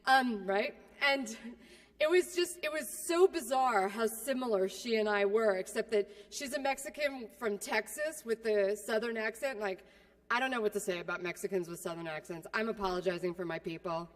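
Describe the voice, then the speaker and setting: A woman's voice: medium pitch, normal speed, in a large hall. A woman from California giving a keynote speech as comic storytelling, brash, self-mocking and conversational. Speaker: keynote speaker.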